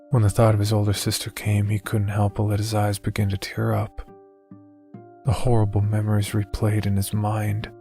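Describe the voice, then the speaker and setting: Male horror narrator, deep voice with vocal fry, dead-level delivery.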